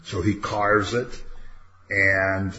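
Speaking extremely slowly in a low, monotone yet bright and forceful voice, a man teaches a relaxed Bible study class. He chats, asks rhetorical questions, and performs quotes. The lo-fi room recording sounds dull, with faint noise.

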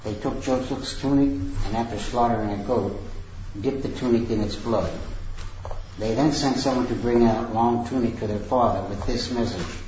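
A man reading a Bible passage aloud to a study group, in a measured, careful way with a few small slips. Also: mid-range voice, a little mellow, slight background noise. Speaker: scripture reader. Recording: echoey, dull lo-fi room recording.

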